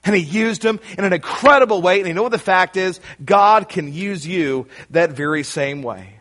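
A man preaching a sermon, emphatic and rising to shouts on key lines, speaking straight to his listeners. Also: high voice, normal speed. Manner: addresses listeners directly.

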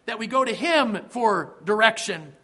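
A man with a strikingly high, bright voice delivers a sermon as pastor. He slows right down to stress scripture and key words, then speeds up between them, emphatic throughout. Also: animated.

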